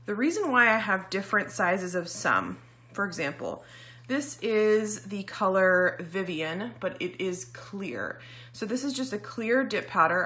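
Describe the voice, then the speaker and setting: A woman's voice: medium pitch, sharp tone. A woman vlogger casually demonstrating beauty products, chatty and explanatory with frequent ums, sounding slightly out of breath.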